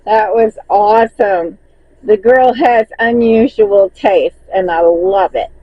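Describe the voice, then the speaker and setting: Slow, husky Southern woman vlogging. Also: mid-range voice, lively intonation, no echo, muffled recording. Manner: reads sales list, laughs often, chatty storytelling. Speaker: crochet seller recapping market sales. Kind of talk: casual vlog recap.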